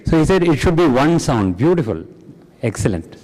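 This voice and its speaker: A satsang discussion leader questions and encourages his audience in a large, reverberant hall, praising their answers in this interactive spiritual class. He speaks at a moderate pace in a slightly high, sing-song voice with a darkish tone.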